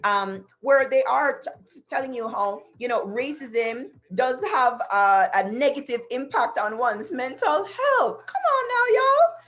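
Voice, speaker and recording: A woman's voice: a little high, lively intonation, measured pace, a bit bright. A middle-aged woman hosting a talk show over a video call, telling stories emphatically and speaking straight to her audience. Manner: storytelling, addresses audience directly, emphatic. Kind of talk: casual talk show monologue. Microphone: computer mic on video call.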